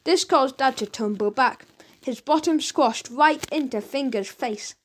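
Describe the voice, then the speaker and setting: High, lively woman reading aloud. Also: unhurried. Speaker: audiobook narrator. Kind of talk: children's audiobook reading.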